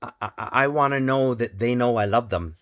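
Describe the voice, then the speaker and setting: A man's voice: medium pitch, moderate pace, fairly bright tone, no echo, clean studio sound. A man talking candidly as a parenting vlogger, earnest, repeating phrases for emphasis. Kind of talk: candid personal monologue.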